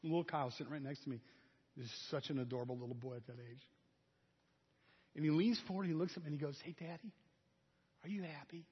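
Husky-voiced pastor preaching in an echoey hall. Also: male voice, medium pitch, fast, pauses often. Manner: storytelling, folksy and conversational. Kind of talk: sermon. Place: church sanctuary. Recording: dull, echoey church hall recording.

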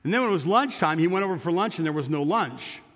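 Pastor telling a story in a reverberant church. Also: male voice, on the high side, quick pace. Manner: animated storyteller with restarts. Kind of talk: sermon storytelling. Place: church sanctuary.

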